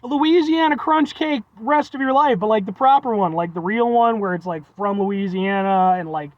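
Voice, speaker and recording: Rambling high-voiced young man. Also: moderate pace, no echo. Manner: rambling, folksy, keeps calling viewers "folks"; playful exaggeration, self-deprecating. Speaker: food reviewer. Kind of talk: casual vlog chat. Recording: dull lo-fi dry recording.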